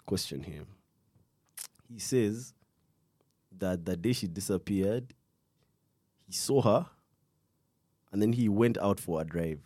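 A man's voice: low-pitched, slow, pauses often, warm tone, husky, no echo. A young man telling a true crime story in casual chat, rambling with slang and restarts, stopping now and then to cough. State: coughing fits.

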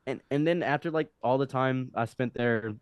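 A man's voice: mid-range voice, moderate pace, clear, resonant tone, dry recording. A man in his twenties, a podcast guest, telling a rambling story with lots of restarts. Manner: animated, rambling, frequent restarts. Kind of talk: casual storytelling.

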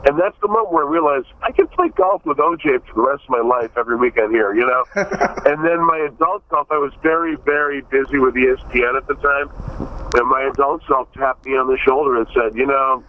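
A man from Buffalo tells his stories in a relaxed, animated way and slips into voices for the people he quotes. The recording sounds a little muffled and dull. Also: mid-range voice, fairly quick. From Buffalo, New York. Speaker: guest. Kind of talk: casual storytelling in an interview.

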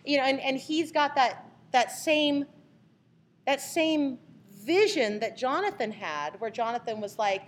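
A woman leading a casual Bible study, retelling the story in a lively way and acting out the people in it. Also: sits high, unhurried. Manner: animated, acts out the people in the story.

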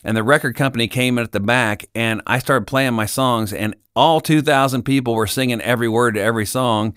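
A middle-aged man from Kansas, a podcast guest telling a story in casual chat, acting out the dialogue with lively voices. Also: mid-range voice, brisk, clean tone, no echo, clean studio sound. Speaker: podcast guest, Christian singer-songwriter.

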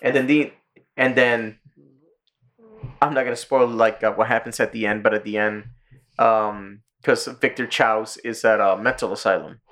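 A man's voice: on the low side, steady tone, moderate pace, fairly bright tone. A man co-hosting a podcast, casually recapping a cartoon episode, swearing freely and quoting the characters in a raised voice between laughs. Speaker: podcast co-host.

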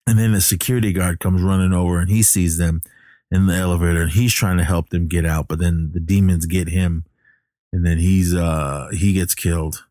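A deep-voiced man recaps a movie in a loose, rambling way, full of pauses and restarts. The sound is dry and close, with almost no room in it. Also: steady tone, dark tone, no echo. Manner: rambling, hesitant, many fillers and restarts.

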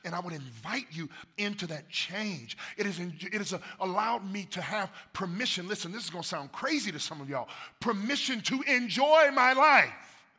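A pastor, preaching a sermon, swinging from soft murmurs to loud emphatic bursts. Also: male voice, high-pitched, lively intonation, brisk, few pauses, husky. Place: church sanctuary.

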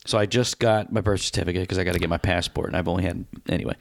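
Low-voiced man rambling in casual podcast chat. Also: fairly even intonation, rapid-fire, gravelly, dry recording, studio quality. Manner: rambling, self-interrupting storyteller with dad jokes. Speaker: podcast co-host.

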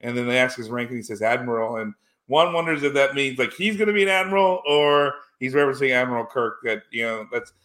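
Talking fast about a film with his podcast co-host, a man rambles casually with many fillers and restarts. His mid-range voice is steady and fairly bright.

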